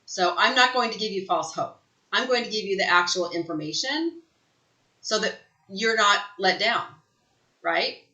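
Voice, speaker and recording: A woman leads a sales training with a bright, sharp-edged voice that rings in an echoey room. She speaks emphatically and keeps asking her listeners "right?" to pull them along. Her delivery is direct and conversational. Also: mid-range voice, unhurried. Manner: emphatic, frequent "right?" check-ins. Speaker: real estate sales trainer. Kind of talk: live training talk.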